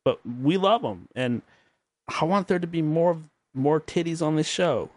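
Sleepy and worn out, this male host rambles through his late-night podcast monologue, poking fun at himself. His voice is on the high side and animated but unhurried, with no room sound in the recording.

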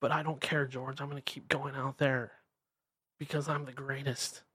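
A man putting on a mocking impression of a boastful older woman who chain-smokes, drawling slowly. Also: mid-range voice, flat delivery, sharp tone, breathy edge, no room sound, studio quality, pitched above the performer's own voice.

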